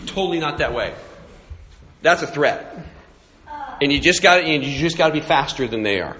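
A man preaching a sermon to his congregation, animated and joking, with asides to the listeners. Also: on the high side, moderate pace, pauses often, in a large hall, slight background noise. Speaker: pastor.

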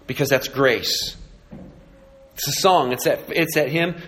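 A man's voice: medium pitch, measured pace, pauses often, a bit bright. A man preaching a sermon in an earnest way, building intensity on key points and turning to prayer. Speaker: pastor.

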